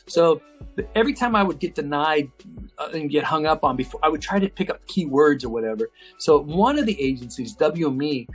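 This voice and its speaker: A man's voice: medium pitch, breathy edge. A man, an auctioneer and TV personality, telling a story in an interview and acting out the phone calls in quoted voices. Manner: acts out phone calls in quoted voices, lively and fast-paced.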